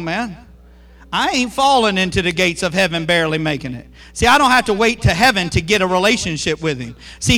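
A middle-aged male pastor delivers a sermon in a high, bright, forceful voice. He speaks in animated bursts and keeps putting questions to the congregation.

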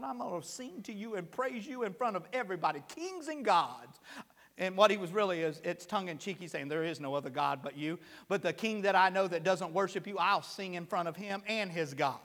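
A male pastor preaching a conversational sermon that swells to loud, emphatic peaks, in a church sanctuary. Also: sits high, big-room sound.

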